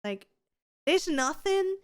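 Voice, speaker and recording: A woman's voice: very high voice, very animated, takes it slowly, dry recording. A woman in her thirties co-hosting a podcast, chatting casually in a gushing, giggly way and swearing freely. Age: 30s. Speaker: podcast co-host. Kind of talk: casual chat.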